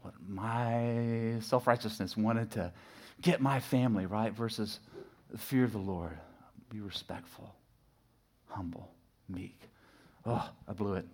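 A middle-aged pastor preaching a sermon, telling a personal story with lively swings from loud acted shouts to hushed asides. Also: male voice, fairly low pitch, measured pace, long pauses. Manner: animated storytelling, acts out his own shouting and sudden hushed asides.

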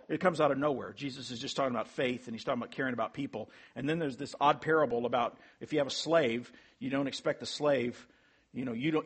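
A man's voice: fairly high pitch, a bit bright, breathy edge. A man as pastor, preaching a sermon in an earnest way with emphatic rising peaks.

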